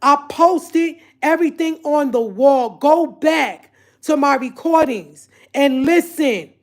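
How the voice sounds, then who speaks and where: A woman rants straight to her viewers in a high voice. She sounds exasperated and keeps circling back to the same points, calling her audience y'all. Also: takes it slowly. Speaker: vlogger. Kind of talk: emotional direct-to-camera rant.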